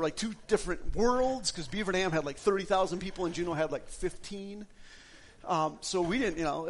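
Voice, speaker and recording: A man from Wisconsin preaching a sermon, telling his own testimony with feeling, swinging between loud passages and hushed ones. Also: on the high side. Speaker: pastor giving his testimony.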